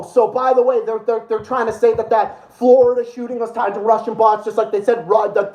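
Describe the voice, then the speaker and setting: A man's voice: high voice, a little mellow, reverberant, muffled recording. A man hosting a livestream and ranting over clips in a profane, sarcastic, exasperated way. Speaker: livestream host.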